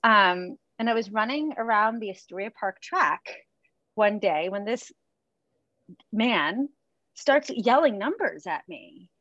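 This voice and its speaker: A woman running coach, chatting on a podcast, telling lively stories and often laughing. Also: medium pitch, slow pace, no room sound, muffled recording. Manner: chatty storyteller, laughs often, acts out quotes. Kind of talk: casual chat.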